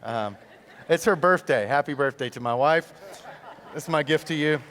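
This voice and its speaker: A man's voice: a little high, moderate pace, a little hiss or hum. A man giving a sermon as guest pastor, telling stories with humor and joking with the congregation. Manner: animated storytelling, jokes with the crowd. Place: large church auditorium. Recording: long hall reverb.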